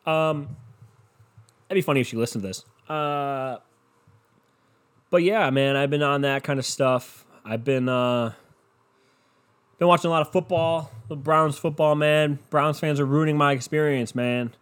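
A man's voice: fairly high pitch, a little slow, long pauses, smooth. A man talking casually and alone, rambling and swearing, often trailing off into a mumble. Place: home room with a barking dog.

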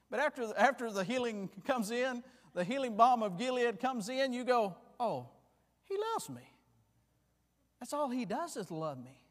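A man preaching a fervent sermon, repeating words and swinging between loud declarations and hushed asides. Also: very high voice, long reverb tail.

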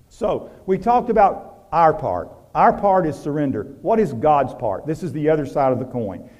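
A pastor preaching a sermon, moving from loud urgent passages to hushed, quiet ones and asking the congregation direct questions. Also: male voice. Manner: preaching with wide swings from loud urgency to hushed, low intimacy.

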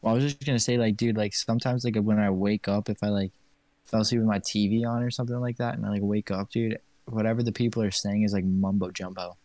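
A man's voice: lowish voice, steady tone, fast, dark tone, dry recording. A young man in casual chat, laid-back, saying "dude" and "like" constantly and swearing.

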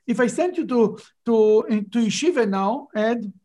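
A man's voice: very high-pitched, expressive, normal speed, mellow. Man, Bible class teacher, emphatic, rhetorical questions. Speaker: rabbi teaching a Torah class.

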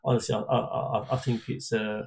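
A man's voice: mid-range voice, level tone, a little mellow, husky. A man hosting a podcast, chatting casually and often stumbling and repeating words as he thinks. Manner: halting, repeats words while searching for them. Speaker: podcast host. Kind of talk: casual chat.

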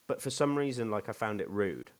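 A man's voice: fairly low pitch, animated, fairly quick. Rambling man swearing. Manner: rambling, swearing, many fillers and restarts. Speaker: storyteller host. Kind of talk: casual chat.

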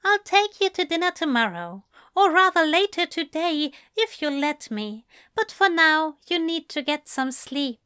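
A woman reading fan fiction aloud, voicing a gentle, doting male angel who speaks softly and tenderly. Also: high-pitched, big pitch swings, unhurried, hardly any pauses, no echo, clean studio sound, voice pushed up, full character voice. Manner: soft, coaxing, affectionate.

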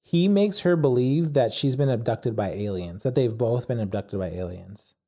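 Speaking at normal speed, a man with an animated, dark-toned, medium-pitched voice retells a documentary's story in casual conversation. He rambles and leans heavily on fillers such as "like" and "yada yada."

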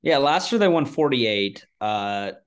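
A man riffing loosely on a sports podcast, often circling back and restarting his thoughts and poking fun at himself. His voice has an average, middle pitch for a man. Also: very animated, a little slow, clear, resonant tone. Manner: rambling and self-deprecating, with frequent restarts. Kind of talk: casual sports chat.

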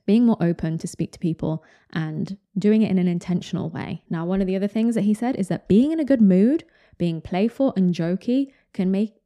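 A woman's voice: fairly low pitch, warm tone. A woman giving casual solo commentary in a chatty, conversational and opinionated way. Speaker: podcast commentator.

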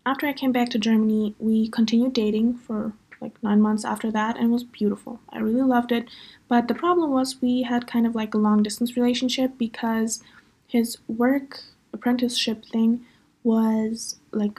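A woman's voice: fairly high pitch, fairly even intonation, moderate pace, darkish tone, breathy edge. A young woman hosting a podcast, chatting casually through a personal story with lots of fillers. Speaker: podcast host.

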